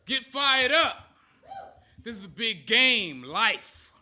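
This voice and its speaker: A man's voice: extremely high pitch, sing-song, slow, noisy background. A man in his thirties giving a motivational speech to an audience, rousing them with call-and-response chants. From United States. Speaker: speaker.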